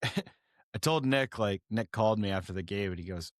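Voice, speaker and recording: A man co-hosts a hockey podcast, his voice fairly low and his pace normal, captured in a dry, studio-quality recording. The sports chat is casual and rambling, heavy on "like," and he laughs often.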